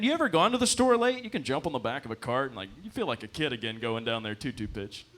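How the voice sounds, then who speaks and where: A man's voice: medium pitch, fairly bright tone, a little hiss or hum, natural voice. Guy doing a bored baseball commentator, chatty play-by-play, wanders off into random stories, voice jumps around a lot. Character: male baseball commentator, bored, rambling off-topic.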